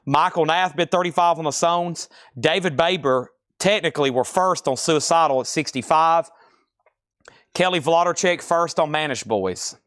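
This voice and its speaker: A man hosting a live-stream record auction, calling out bids and prices in a loud, projecting voice. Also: fairly high pitch, animated, moderate pace, no room sound, studio quality. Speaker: auction host.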